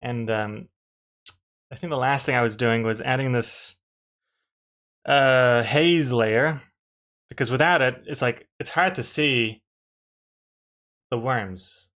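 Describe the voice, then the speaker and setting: A man's voice: mid-range voice, slow, pauses often, a bit bright. A man, a comic artist, chatting casually to his live-stream viewers while drawing, rambling and restarting his sentences with dry jokes.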